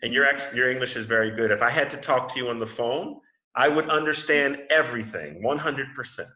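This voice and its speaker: A man's voice: mid-range voice, fairly quick, sharp tone. A man leading an English class over a video call, friendly and chatty, often repeating and restarting words. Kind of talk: casual class discussion. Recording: muffled video call in an echoey room.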